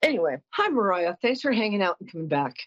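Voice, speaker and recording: A fast-talking middle-aged woman with a mid-range voice and large pitch swings, recorded muffled, runs a psychic call-in show. Her talk is chatty and anecdotal: warm, apologetic, and bluntly frank.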